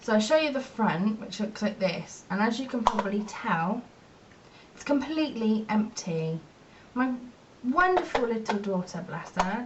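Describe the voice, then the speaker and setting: A woman's voice: on the high side, background noise. Chatty woman, distant dull mic. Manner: rambling, chatty and self-mocking. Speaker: beauty vlogger. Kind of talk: casual chat while doing makeup.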